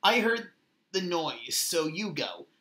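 Woman reading a touchy young singer sister, fussy and quick to shout, lively pitch, echoey room, storybook. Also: exaggerated voice. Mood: bickering.

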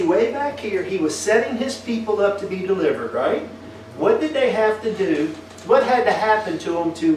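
Echoey preacher with a higher voice. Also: male voice, background noise. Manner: asks the congregation many tag questions. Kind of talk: folksy sermon to a congregation. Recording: echoey room picked up from a distance.

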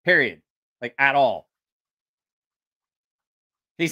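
A man's voice: fairly high pitch, lively intonation, normal speed, pauses often, pushed and bright. A man hosting a casual livestream, telling rambling, profane stories and reacting to viewer comments. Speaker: channel host.

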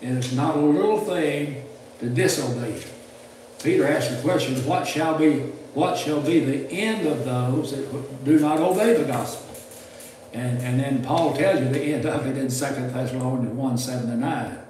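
A man's voice: mid-range voice, moderate pace, a little mellow. Man, folksy sermon, repeats words, far from the mic, faint hiss. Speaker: preacher. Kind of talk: sermon lecture. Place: church hall. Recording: echoey hall mic from a distance, faint noise.

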